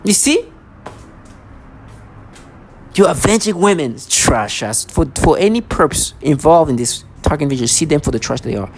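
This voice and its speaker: A woman's voice: low-pitched, animated, brisk, noisy background. A woman in a heated monologue to camera, agitated and sarcastic, stumbling over restarts as she talks. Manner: sarcastic mocking asides. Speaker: vlogger.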